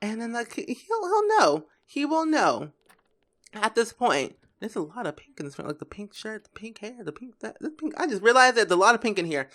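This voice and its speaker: Casual game commentary voice, mid pitch, keeps saying like and restarting. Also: expressive, fast, few pauses, sharp tone. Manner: rambling, filler-heavy, frequent restarts. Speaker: gameplay commentator.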